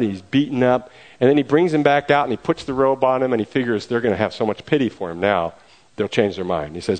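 A man preaching a storytelling sermon, retelling events in a lively way with acted quotes. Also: medium pitch, low-quality recording.

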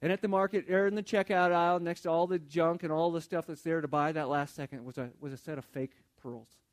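A male preacher with a slightly high voice delivers a sermon in a relaxed, conversational way. He tells a story at length, often restarting and repeating words as he goes. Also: a little fast. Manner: conversational, repeats words while building a point. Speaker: pastor.

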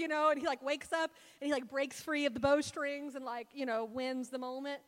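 With a high voice and steady tone, this young Louisiana woman talks fairly quickly with few pauses, telling Bible stories in a relaxed, filler-packed way. A long, large-hall reverb follows her voice.

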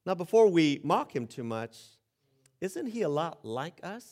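A man's voice: fairly high pitch, big pitch swings, unhurried, darkish tone. A man preaching a sermon in a conversational way, joking about himself and often restarting phrases. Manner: conversational, self-deprecating, with laughs and restarts. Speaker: pastor.

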